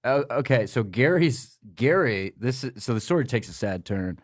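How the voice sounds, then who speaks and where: A man recounts a wild memory in a loose, animated way and keeps breaking into laughter. His voice sits at an ordinary middle pitch. The sound is dry and close, with no room around it. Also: moderate pace, dry recording. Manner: animated, laughs often while telling stories. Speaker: podcast guest. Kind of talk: casual storytelling.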